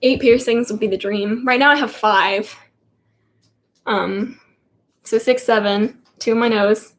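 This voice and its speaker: A woman's voice: on the high side, fairly even intonation, measured pace. A teenage girl rambling in a giggly, chatty way while answering viewer questions on a casual livestream. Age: teens. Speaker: livestream host. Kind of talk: casual live Q&A chat.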